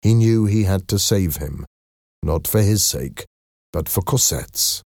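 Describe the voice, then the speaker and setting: A man narrating a story in a slow, expressive reading style. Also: low voice, no room sound, clean studio sound.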